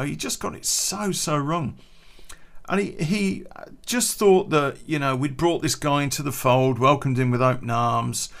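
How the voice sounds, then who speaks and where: A man's voice: medium pitch, vocal fry, a bit bright. A man telling a rambling, swear-heavy personal anecdote in a casual way, full of restarts. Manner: profane, rambling, frequent restarts. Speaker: storyteller.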